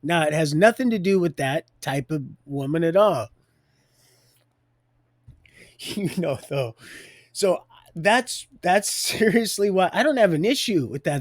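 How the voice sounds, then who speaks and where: A man with a somewhat high voice tells a faith story on a live stream. He rambles, chuckles often in the middle of sentences and circles back over his own words. The sound is dry and close, with little room echo.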